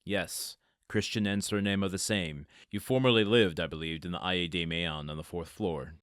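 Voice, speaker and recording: A man reading the lines of a grave priest who questions an innkeeper in measured, deliberate tones. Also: deep voice, fairly even intonation, fairly bright tone, smooth, no room sound, studio quality. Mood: probing. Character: grave, searching male priest, measured and probing.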